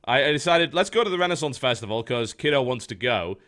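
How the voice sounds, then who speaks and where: A man's voice: medium pitch, animated, fast talker, fairly bright tone. A man, a podcast host telling a story in casual chat, dry and understated.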